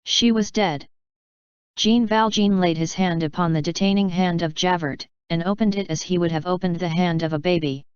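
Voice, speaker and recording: A woman narrating a classic novel as an audiobook, in a measured, even reading. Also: lowish voice, clean tone, dry recording, lo-fi sound.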